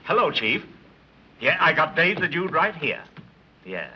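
A mocking police commissioner. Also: male voice, a little high, sing-song, measured pace. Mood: sarcastic. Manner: dry, mocking. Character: sarcastic middle-aged police commissioner. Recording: dull 1930s film soundtrack with hiss.

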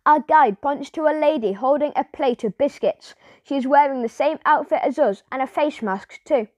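A woman with a high voice narrating a children's audiobook in a lively first-person manner. The recording is dry and close, with no room sound. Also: normal speed, no echo, highs cut off.

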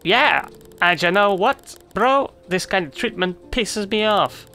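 A pint-sized spider with a chip on its shoulder, squeaking high and snapping out street slang, as a let's player puts it on. The voice is bright and cutting, always spoiling for a scrap. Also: expressive, slow, faint music behind, heavily acted. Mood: grumpy. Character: cocky small spider, short-tempered, itching to fight.

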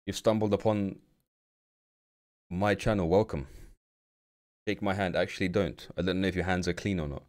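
Male streamer, deep voice, loose joking live chat with mumbled asides. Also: steady tone, moderate pace, pauses often, a little mellow.

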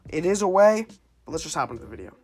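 A man's voice: fairly high pitch, very animated, very fast. A young man giving casual, chatty commentary on his gameplay, second-guessing himself as he goes. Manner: chatty, self-interrupting, wavering pick by pick. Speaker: gaming YouTuber.

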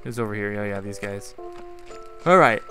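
Bright-voiced chatty gaming man. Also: lowish voice, moderate pace, faint music behind. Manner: rambling, chatty, talks to viewers. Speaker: gaming YouTuber. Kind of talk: casual gameplay commentary.

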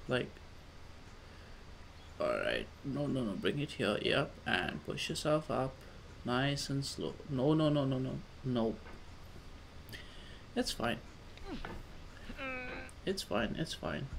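A man doing casual let's play commentary, coaxing his character along with repeated calm-down phrases. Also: medium pitch, slow pace, gravelly, pauses often, a little hiss or hum. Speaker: gamer.

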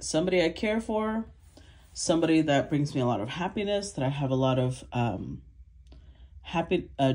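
A woman with a low, slightly husky voice gives a relaxed tarot reading. She names each card as she draws it, then muses aloud about what it means, now and then clearing her throat. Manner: thinks aloud, calls out cards, clears throat. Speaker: tarot reader.

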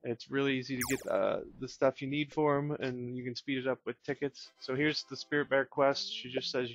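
A man's voice: medium pitch, normal speed, highs cut off, slight background noise. A man hosting a gaming video, chatting casually as he reads out quest text and rewards. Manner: relaxed, chatty, reads game text aloud. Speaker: gaming channel host. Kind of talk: casual let's-play commentary.

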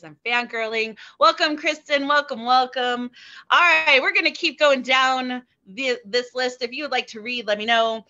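A woman hosts an open mic and sounds excited as she announces who reads next. Her voice is bright. The audio is a little dull and lo-fi. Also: on the high side. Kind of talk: casual hosting chat.

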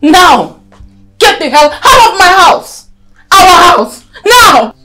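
An actress in a Nigerian film playing a fierce young woman who shouts scornfully in defense of her man, with a Nigerian accent. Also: very high voice, big pitch swings, slow pace, music in the background, heavily acted. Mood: furious. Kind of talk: Nollywood film acting.

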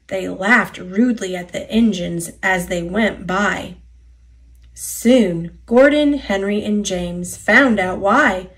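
A woman reading a children's picture book aloud, expressive and deliberate. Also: medium pitch. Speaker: storybook narrator.

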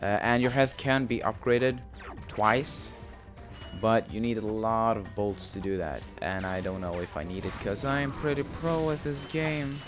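A man's voice: on the low side, a little slow, over music. A young man casually commenting on a video game he is playing, rambling and joking with lots of swearing. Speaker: gaming channel host. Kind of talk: casual let's-play commentary.

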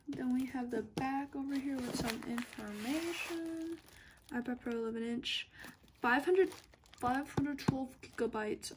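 A young woman filming an unboxing vlog, excited and gushing, sometimes dropping to a whisper. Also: on the high side, background noise. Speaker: YouTuber.

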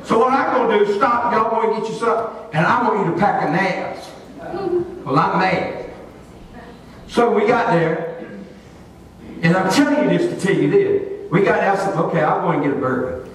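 A male pastor preaching a sermon, telling a folksy story in an animated way. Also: high voice, moderate pace, long pauses, a little hiss or hum. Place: church sanctuary. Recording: echoey church hall, distant mic.

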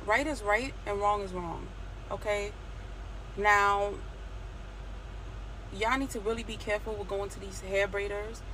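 A woman's voice: medium pitch, fairly even intonation, bright, forceful tone, a little hiss or hum, rough recording. A woman from Africa telling a blunt, profane story in casual chat, acting out the people she quotes. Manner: blunt, profane, talks fast with quoted voices. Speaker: storyteller in a clip.

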